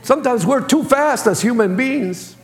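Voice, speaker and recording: A man's voice: very high voice, animated, normal speed, faint music behind. A man preaching a sermon as pastor, speaking in plain colloquial phrasing and acting out voices. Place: church sanctuary. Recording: echoey church hall.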